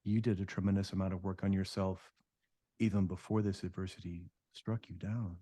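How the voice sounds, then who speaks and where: A man hosts a podcast and answers his guest with measured, thoughtful reflections. His voice is very low and stays flat and even. The sound is dry and close. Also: husky, no room sound. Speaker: podcast host. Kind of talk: reflective interview commentary.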